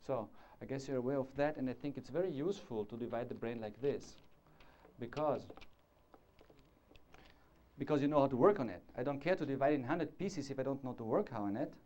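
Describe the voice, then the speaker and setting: A man's voice: mid-range voice, brisk, a little mellow. A man giving a live conference lecture on orthodontics, talking in a discursive way, demonstrating with gestures and checking in with the audience. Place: lecture hall before an audience. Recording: dull lo-fi 1990s conference tape.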